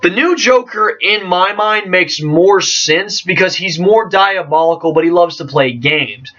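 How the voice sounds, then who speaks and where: A man answering viewer questions in a casual vlog, excitable and jokey, trailing off and restarting. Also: high-pitched, a little slow. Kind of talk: casual chat. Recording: distant, dull lo-fi mic.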